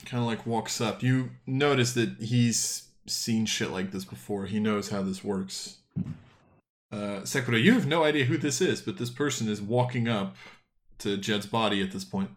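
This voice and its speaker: A man's voice: fairly low pitch, moderate pace. A man narrating a tabletop game as game master, casual and full of fillers.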